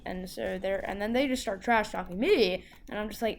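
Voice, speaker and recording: A woman's voice: mid-range voice, normal speed, few pauses, darkish tone, a little hiss or hum. A woman telling a story in a loose, casual way, full of "like" and restarts.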